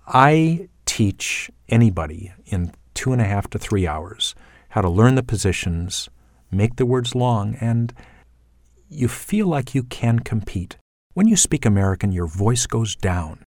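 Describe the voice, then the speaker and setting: A middle-aged man from Canada, a coach telling about his teaching in short phrases with pauses and restarts. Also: mid-range voice, dry recording, clean studio sound. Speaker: accent coach for actors. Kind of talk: casual spoken account.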